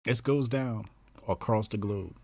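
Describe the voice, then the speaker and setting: A man co-hosting a casual podcast chat, laid-back with drawn-out emphatic remarks. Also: lowish voice, gravelly, a little mellow, no echo, clean studio sound. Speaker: podcast co-host.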